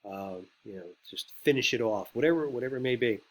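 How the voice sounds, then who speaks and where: A man teaching speechwriting in a loose, rambling way, full of ums and you-knows. His voice sits at an ordinary middle pitch, and he talks to the class conversationally rather than reading from a script. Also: expressive. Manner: rambling and conversational, with filler words and quick impressions. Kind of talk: casual lecture on speechwriting.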